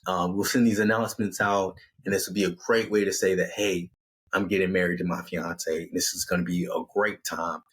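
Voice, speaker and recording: A man's voice: sits low, fairly even intonation, a little fast, a bit bright, a little hiss or hum, pitched below the performer's own voice, rough recording. A man voicing a young man on a hike, an earnest and accommodating fiancé, in a told story. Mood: dreamy.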